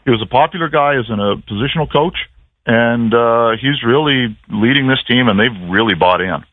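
A man's voice: medium pitch, normal speed, no room sound. A man calling in to a radio sports show, chatting casually and telling a story with lots of fillers and restarts. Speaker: play-by-play broadcaster, phone guest. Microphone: phone. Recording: dry tinny phone line.

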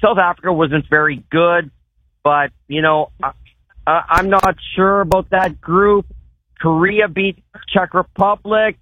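A Canadian man calls in to a radio show and talks excitedly about the game, rambling from one point to the next. His voice sits a little high. He comes through a tinny phone line with a dry sound. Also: measured pace, no room sound. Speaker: phone-in guest, football superfan. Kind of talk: casual phone interview.

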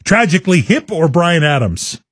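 A man's voice: a little high, sing-song, moderate pace, fairly bright tone, husky, no echo, clean studio sound. A man hosting a casual radio interview, quizzing his guest playfully and laughing often. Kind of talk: casual chat.

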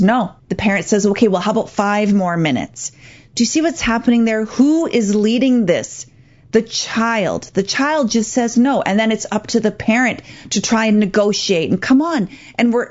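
A woman's voice: mid-range voice, darkish tone, lo-fi sound. A woman hosting a talk radio show as a parent coach, giving earnest, emphatic advice.

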